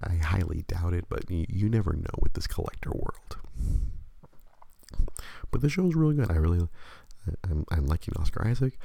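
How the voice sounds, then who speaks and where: A man's voice: sits low, brisk, creaky, hardly any pauses, warm tone, slight background noise. A man hosting a show, chatting casually and rambling with many stammered restarts. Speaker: podcast host. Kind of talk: casual chat.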